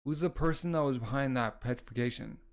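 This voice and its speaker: A man reading the lines of an excitable, emotional young boy from a comic, in a near-plain voice. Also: medium pitch, fast talker, highs cut off, lightly acted. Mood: worked up.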